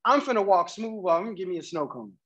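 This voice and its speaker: A man's voice: sits high, lively intonation, fast, fairly bright tone, dull audio. A man co-hosting a podcast, blunt and joking in casual chat, laughing often. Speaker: podcast co-host.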